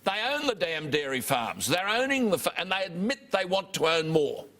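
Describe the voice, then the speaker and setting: An Australian man co-hosting an interview, pressing his points in a forceful, emphatic, rhetorical way. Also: sits high, big pitch swings, normal speed. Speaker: co-host.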